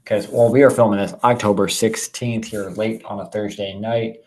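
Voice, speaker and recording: A man co-hosting a dividend investing show in casual chat, energetic and jokey, talking straight to viewers. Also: lowish voice, normal speed, background noise.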